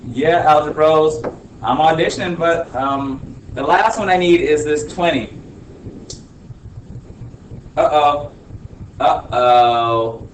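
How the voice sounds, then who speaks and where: A man's voice: a little high, moderate pace, roomy sound, recorded from a distance, slight background noise, rough recording. A man teaching a math lesson, joking with viewers as he writes in answers. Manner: goofy, jokey, talks to viewers while writing. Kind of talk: screen-recorded math lesson.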